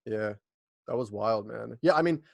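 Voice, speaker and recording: A man's voice: on the low side, normal speed, gravelly, no echo, studio quality. A young man hosting a podcast in casual chat, laid-back and profane, laughing often. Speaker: podcast host.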